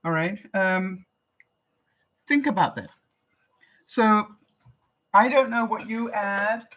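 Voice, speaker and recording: An older woman from Canada chatting casually on a live stream, answering viewer comments in a chatty, relaxed way. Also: medium pitch, takes it slowly, rough recording. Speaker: vlogger.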